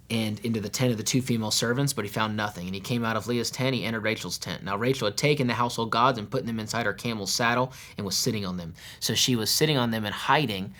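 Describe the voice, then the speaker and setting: A man's voice: fairly low pitch, a bit bright. A male pastor preaching a sermon, reading scripture aloud and explaining it in a casual, conversational way with modern slang. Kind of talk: sermon with Bible reading and commentary.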